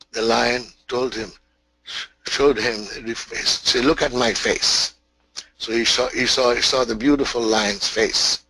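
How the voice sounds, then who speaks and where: Slow, bright-voiced male spiritual teacher. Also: mid-range voice, husky, no echo, rough recording. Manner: emphatic, repetitive, many restarts. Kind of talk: webinar teaching with storytelling.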